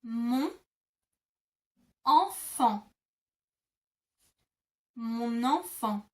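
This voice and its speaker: A young woman teaching French words in a lesson, repeating each word slowly and carefully. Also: fairly high pitch, distant mic. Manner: slow, careful repetition of words. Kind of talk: vocabulary lesson.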